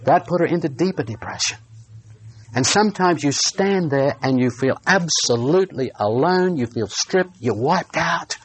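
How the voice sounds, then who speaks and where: A man preaching a sermon, telling a personal story in an earnest way and slowing down on key phrases. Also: fairly high pitch, expressive, slightly rough.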